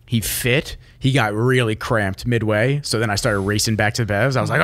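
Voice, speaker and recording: A man's voice: medium pitch, normal speed, hardly any pauses. A man co-hosting a podcast, telling a story in casual chat, laughing often, swearing and acting out what people said. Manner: animated, laughs a lot, swears freely, acts out dialogue. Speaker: podcast co-host.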